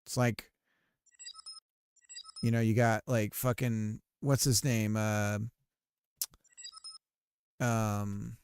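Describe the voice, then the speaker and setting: A man streaming while he works on a game, chatting casually, rambling with fillers and cursing at his software. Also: on the low side, level tone, drawn-out words, pauses often, smooth. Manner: rambling and self-deprecating, swears often, many fillers. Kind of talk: casual live-stream chat while working.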